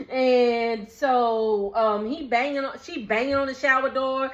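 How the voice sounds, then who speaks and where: A woman recapping a reality show in a casual, animated way, laughing often and acting out what people said. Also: fairly high pitch, measured pace, lo-fi sound. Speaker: recap vlogger.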